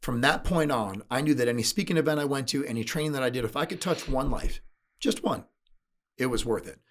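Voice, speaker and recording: Middle-aged man, interview guest, sales speaker; candid and blunt, swears freely, mid pitch. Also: quick pace, fairly bright tone. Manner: blunt, emotional, swears casually.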